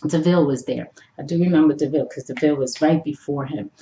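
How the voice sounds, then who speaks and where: A middle-aged woman tells her own story to camera, excitable and dramatic. She acts out her thoughts, moving from near-whispers to high cries. Her voice is gravelly and mellow, recorded in an echoey room with a dull, lo-fi sound. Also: quick pace, a little hiss or hum. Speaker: vlogger telling a personal success story. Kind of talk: animated personal storytelling.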